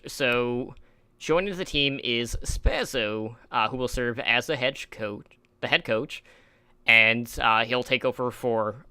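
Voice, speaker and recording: A man's voice: medium pitch, sharp tone, clear, resonant tone, dry recording. A man hosting an esports talk show in a casual, rambling way, with lots of fillers, and he stumbles over player names. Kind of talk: casual esports podcast chat.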